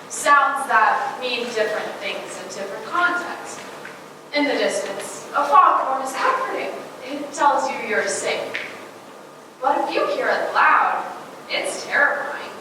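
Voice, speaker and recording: A woman's voice: high voice, expressive, a little slow. A woman acting in a live stage play as a frightened teenager recounting a chase, telling it in an urgent, breathless way. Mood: tense. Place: school theatre stage. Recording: echoey hall from far off, noisy.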